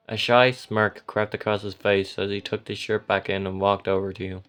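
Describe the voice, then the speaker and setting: A man giving soft, gentle and unhurried second-person story narration. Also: fairly low pitch, little pitch movement, clear, resonant tone.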